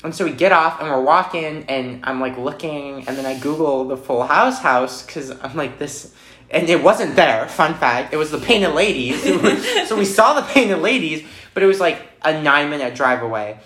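A woman's voice: low voice, animated, moderate pace, a bit bright, reverberant. A young woman co-hosting a podcast, rambling through a story in casual chat, trailing off and poking fun at herself. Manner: rambling, trailing off, self-mocking. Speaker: podcast co-host.

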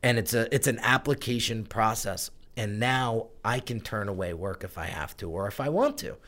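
A man's voice: on the low side, lively intonation, moderate pace, fairly bright tone. A man telling his own story in a conversational interview, candid and emotional, swearing now and then. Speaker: guest, brand strategist.

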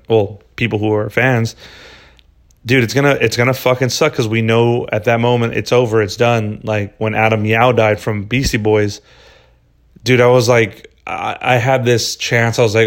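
A man hosting a podcast alone, talking in a rambling, casual way full of swearing and "dude" and "man.". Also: mid-range voice. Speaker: podcast host. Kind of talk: casual solo podcast monologue.

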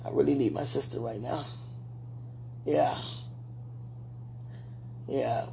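A woman's voice: very deep voice, fairly even intonation, slow, vocal fry, dark tone, slight background noise. A middle-aged woman speaking an emotional, repetitive prayer aloud, pleading and talking to herself.

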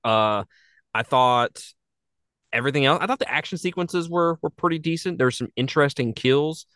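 A man's voice: on the high side, moderate pace, no echo, clean studio sound. A man chatting casually about a movie, swearing and laughing often. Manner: laughing, profane, animated. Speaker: podcast co-host. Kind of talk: casual movie review chat.

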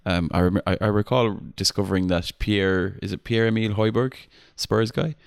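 A man's voice: fairly low pitch, fairly even intonation, normal speed, creaky, smooth, no room sound, studio quality. A man co-hosting a casual podcast chat, explaining things in an easygoing, hesitant way. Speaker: podcast co-host.

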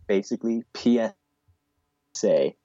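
A man with a very low, mellow voice talks loosely and casually on a podcast. The audio is dry and a bit dull, like a lo-fi home recording. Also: animated, a little slow, no room sound. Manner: casual, rambling, mock-formal announcer bits. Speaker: podcast co-host. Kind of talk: casual gaming chat.

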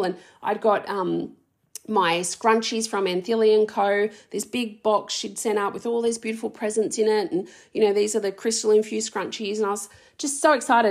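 A woman in her thirties speaking in a raw, emotional personal vlog, swearing heavily and rambling through restarts. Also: mid-range voice. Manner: rambling, restarts, many fillers. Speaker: vlogger.

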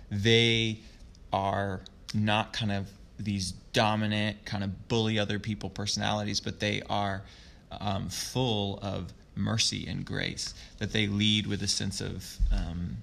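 A man talking as a youth sports coach in an interview, earnest and reflective, telling a story in a soft, thoughtful way. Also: lowish voice, vocal fry. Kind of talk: conversational interview.

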